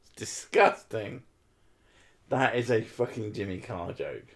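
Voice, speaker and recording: A man's voice: lowish voice, a little slow, a little hiss or hum. A young man streaming late at night, drunk, teasing his partner with crude jokes and laughing at himself.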